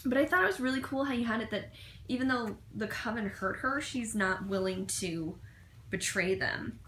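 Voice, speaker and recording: A woman chats through a fan fiction review in an excitable, gushing way, with plenty of ums and restarts. Her voice sits at an ordinary middle pitch. The room around her is echoey, with a faint hum of ambient noise underneath.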